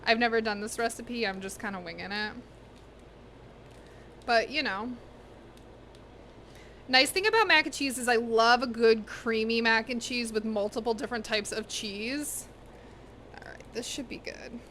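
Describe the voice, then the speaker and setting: A woman's voice: a little high, unhurried, pauses often, pushed and bright, a little hiss or hum. A young woman casually chatting with her live chat while she cooks in her home kitchen. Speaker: cooking streamer.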